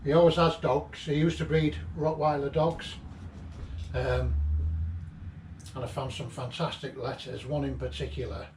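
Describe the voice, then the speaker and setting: A man's voice: medium pitch, flat delivery, measured pace, a little mellow. A man reminisces about a late friend, wandering from story to story and chuckling along the way. His voice sits in a middle range. He sounds a little off-mic in a roomy space with a faint hum behind him. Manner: fond, chuckling, loosely ordered storytelling. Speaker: vlogger sharing memories of a late friend. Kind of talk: rambling personal reminiscence. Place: inside an old house being cleared. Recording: roomy, distant mic, faint background noise.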